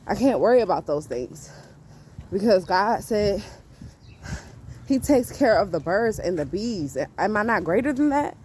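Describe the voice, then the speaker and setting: A woman's voice: mid-range voice, sing-song, measured pace, pauses often, darkish tone, slight background noise. Emphatic woman preaching outdoors. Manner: emphatic, repeats herself, laughs often. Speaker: vlogger giving spiritual advice. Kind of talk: casual faith talk to camera. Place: outdoors on a street.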